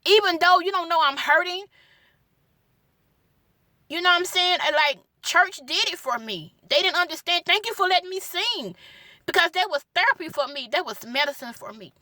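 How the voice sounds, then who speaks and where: A young woman with a high, bright voice pours out her personal testimony in a dry, close recording. She pleads with her listeners and repeats her words for emphasis. At times she sounds tearful. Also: animated, normal speed, no room sound. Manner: pleading, repeats phrases for emphasis, Southern Black church cadence. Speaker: gospel singer sharing her testimony.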